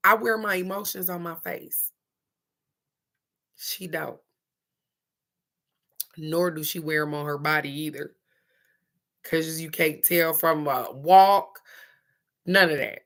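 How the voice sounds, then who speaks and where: A woman reads cards on a live stream, talking slowly and leaning on each phrase. Her voice is bright and sits a little low for a woman. She sounds chatty and affectionate, laughing often and calling out to viewers by name. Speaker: live-stream card reader. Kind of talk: casual live-stream card reading.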